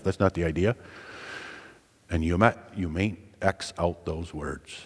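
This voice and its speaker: Deep-voiced male preacher in a reverberant hall. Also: normal speed, husky. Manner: builds to rising emphatic peaks, then drops to quiet appeals. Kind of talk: sermon.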